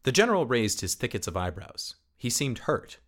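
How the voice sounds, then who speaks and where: A man narrating a short story as an audiobook reading, in a measured, steady storytelling manner. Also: medium pitch.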